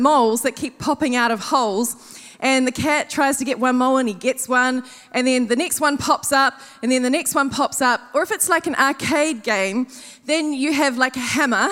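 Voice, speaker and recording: A woman's voice: high voice, in a large hall. A woman giving a sermon at a conference, telling funny everyday stories and acting out what people said. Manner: animated, self-mocking storytelling with acted-out quotes. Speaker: conference speaker. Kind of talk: storytelling sermon.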